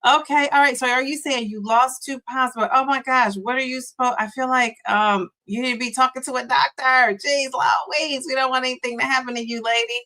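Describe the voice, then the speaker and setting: A woman in her fifties hosting a live stream, chatting casually and bubbly as she reads comments and gives shout-outs. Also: high-pitched, fairly even intonation, a little fast, few pauses. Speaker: livestream host and weight-loss coach.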